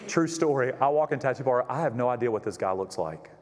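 A man's voice: medium pitch, lively intonation, fast, a little mellow. A male pastor preaching a storytelling sermon from a church stage, folksy and chatty, with frequent restarts. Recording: echoey church hall.

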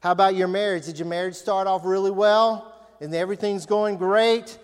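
A male pastor preaching an animated sermon, asking the congregation questions. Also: high-pitched, fairly quick. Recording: long reverb of a large hall.

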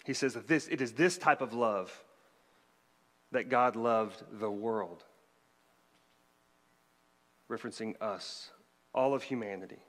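A man's voice: mid-range voice, slow pace, long pauses, fairly bright tone. A man, a pastor, delivering a conversational sermon with joking asides to the congregation. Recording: long hall reverb.

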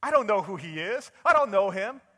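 A man acting out a frightened adult man who shouts out desperate denials. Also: high voice, rapid-fire, pitched above the performer's own voice. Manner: shouting, panicked. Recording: long reverb in a large hall.

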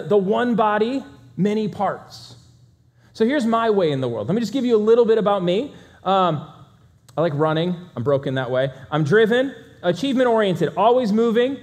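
Fast-talking energetic man speaker. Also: high voice. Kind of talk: talk to a live audience.

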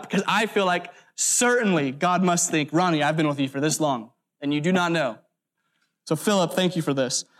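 A man preaching a sermon in an earnest, emphatic way, stressing lists of words and breaking off for brief asides. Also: high-pitched. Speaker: pastor.

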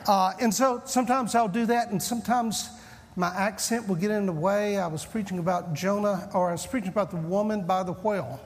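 A man's voice: high voice, fairly even intonation, fairly quick, big-room sound. A man in his fifties with a Southern US accent, a pastor opening a sermon with folksy, self-deprecating stories. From Southern United States. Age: 50s.

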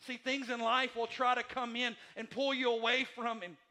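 A man preaching a sermon as pastor in a church, repeating his phrases emphatically and moving between quiet and loud passages. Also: extremely high pitch, level tone, moderate pace. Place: church sanctuary.

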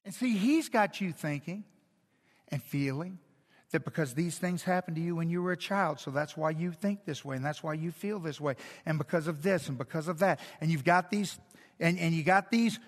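A middle-aged man preaches from the pulpit with a high, bright, ringing voice. He tells stories in an animated way and drops from loud bursts to a hushed, intimate tone. Long reverb from a large hall trails each phrase. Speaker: pastor. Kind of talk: sermon.

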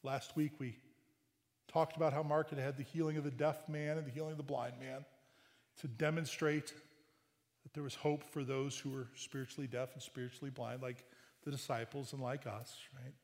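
Emphatic preacher in an echoing sanctuary. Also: male voice, medium pitch, little pitch movement, moderate pace. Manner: emphatic, rising to loud bursts, asks the congregation "right?". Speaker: pastor. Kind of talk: sermon. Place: church sanctuary. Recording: long hall reverb.

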